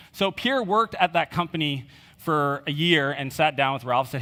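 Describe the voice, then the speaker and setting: On a conference stage in a big, echoing hall, a keynote speaker shares a personal anecdote in a casual way, using fillers and quoting dialogue. His voice sits on the higher side and is expressive, moving at a normal speed with a bright, forceful quality.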